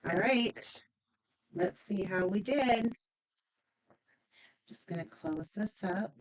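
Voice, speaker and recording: Slow-talking chatty woman craft demonstrator. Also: mid-range voice, low-quality recording. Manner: chatty, upbeat, thinking aloud with fillers. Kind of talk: stamping craft tutorial.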